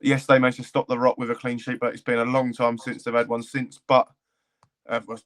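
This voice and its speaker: A man's voice: medium pitch, monotone, a little fast, fairly bright tone. A man co-hosting a football podcast who rambles, repeats words and corrects himself as he talks. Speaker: podcast co-host. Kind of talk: casual football podcast chat.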